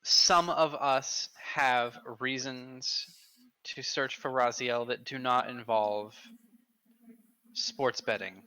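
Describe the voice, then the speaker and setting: A man's voice: medium pitch, fairly even intonation, takes it slowly, bright, forceful tone, clear, resonant tone, no room sound, low-quality recording. A man voicing a polite, earnest adventurer who speaks in a formal, courteous way. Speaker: player.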